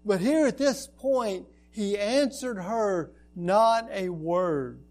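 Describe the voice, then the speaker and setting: A man's voice: high-pitched, expressive, takes it slowly, darkish tone. A man preaching a sermon as a pastor, speaking earnestly and building to emphatic, repeated lines.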